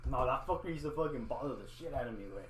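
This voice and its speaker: A man's voice: medium pitch, animated, very fast, roomy sound, poor audio. A young man co-hosting a casual chat, joking and swearing and dropping Spanish slang into his English. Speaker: podcast co-host. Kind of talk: casual chat among friends.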